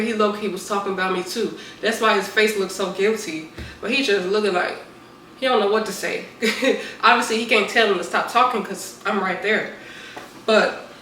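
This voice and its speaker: A young woman chats through a personal story for her viewers in an animated, casual way. Her voice sits at a middle pitch. The room gives it a clear echo, and she sounds a bit back from the mic. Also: distant mic, slight background noise. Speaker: vlogger. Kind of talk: storytime mukbang chat.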